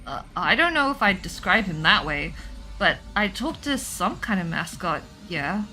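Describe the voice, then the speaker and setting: A woman's voice: lowish voice, sing-song, moderate pace, bright, forceful tone, faint music behind, full character voice, low-quality recording. A woman voicing a bewildered teenage student, reading game dialogue aloud in her own voice, earnest and stammering. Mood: wary.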